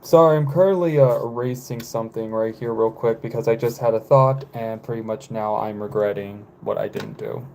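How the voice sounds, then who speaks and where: A man in his twenties, chatting casually on a live stream, rambling with frequent fillers and halting pauses. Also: mid-range voice, vocal fry, a little mellow, a little hiss or hum. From United States. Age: 20s.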